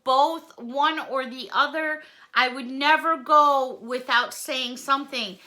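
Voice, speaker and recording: A woman talks to her camera in an easy, slow, unhurried way, thanking viewers for packages. Her voice sits high and bright, and she gushes and apologizes, sounding moved almost to tears. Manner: emotional, gushing, apologetic, chatty with little laughs. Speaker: vlogger opening fan mail. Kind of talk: casual chat to camera.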